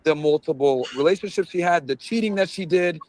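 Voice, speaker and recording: A man explains the details of a case on a live stream in a plain, matter-of-fact way. His voice sits high. The sound is close and dry. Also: brisk, darkish tone, no echo.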